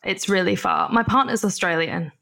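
A woman's voice: mid-range voice, normal speed, creaky, bright, forceful tone. A woman in her thirties from the north of England, a podcast guest telling long chatty stories full of likes and ums. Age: 30s. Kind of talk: casual conversation.

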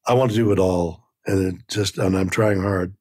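Casting: man in his 90s, low husky voice, reflective and halting, dry close sound. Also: fairly even intonation, a little mellow, dry recording. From Canada. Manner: halting, repeats words, meandering. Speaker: interview guest. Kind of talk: reflective conversation.

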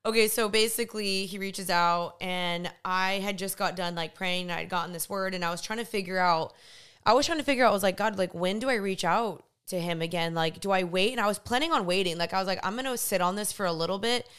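A young woman with a smooth, clear voice tells her side of a shared story in a casual chat. She talks expressively and jumps in often. Her pitch sits in the middle for a woman. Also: fast talker, hardly any pauses. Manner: expressive, chimes in, laughs easily. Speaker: co-host.

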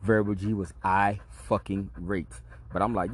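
A man's voice: lowish voice, fairly even intonation, brisk, slight background noise. A man hosting a podcast, telling a long personal story in a laid-back, streetwise and profane way. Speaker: podcast host. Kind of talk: casual storytelling monologue.

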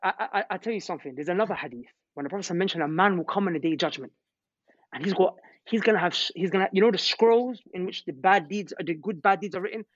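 A man telling religious stories in an animated, slangy way, repeating words as he goes. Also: high-pitched, quick pace, no room sound. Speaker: Islamic preacher. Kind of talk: storytelling religious talk. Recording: dull, lo-fi sound.

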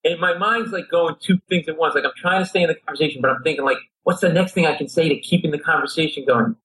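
Animated man telling a comic story. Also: a little high, fast, breathy edge, rough recording. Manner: animated, acts out voices and inner panic. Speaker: comedian guest. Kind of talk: storytelling anecdote on a talk show.

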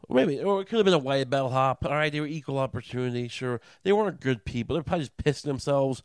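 A man on a sarcastic, profane comedic rant, his voice jumping high when he gets indignant. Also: animated, quick pace, smooth, no echo.

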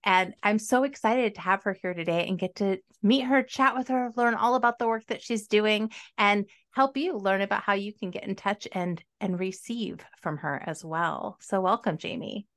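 Woman podcast host, mid-pitched, upbeat interviewer, quick encouraging replies. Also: a bit bright. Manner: upbeat and encouraging, with short affirming responses.

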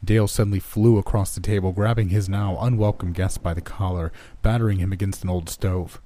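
A man narrating a horror story in a measured, somber way. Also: sits low, steady tone, dark tone, slight background noise.

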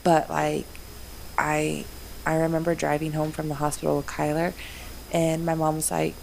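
A young woman in casual chat, a mother telling stories in an animated way and acting out what people said. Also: moderate pace, vocal fry, rough recording. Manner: animated storyteller, acts out quotes in a higher voice. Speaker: mother of four sharing stories. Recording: faint background noise.

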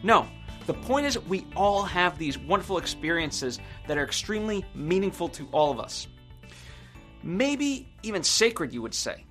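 A man's voice: high-pitched, sing-song, normal speed, fairly bright tone, faint music behind. A man hosting a podcast, delivering an earnest, reflective scripted monologue. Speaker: podcast host.

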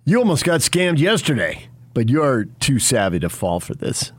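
A man with a medium-pitched voice and a dry, close sound. He teases and laughs often in relaxed banter. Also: normal speed, no echo. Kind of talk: casual chat.

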